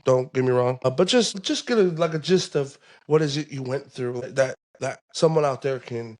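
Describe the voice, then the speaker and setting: A man's voice: medium pitch, normal speed. A young man hosting a podcast, talking in a laid-back way with lots of fillers and slang. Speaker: podcast host. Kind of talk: casual podcast chat.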